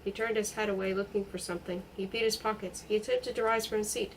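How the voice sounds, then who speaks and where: A woman reads a novel aloud, narrating steadily and expressively. Her voice sits at an ordinary middle pitch for a woman, with nothing pushed or strained. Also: little pitch movement, fast talker, slight background noise, low-quality recording. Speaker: reader.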